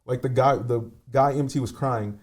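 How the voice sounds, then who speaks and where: A man on a remote call telling a painful personal story, halting, with many fillers and restarts. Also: mid-range voice, steady tone, a little mellow. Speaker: podcast guest.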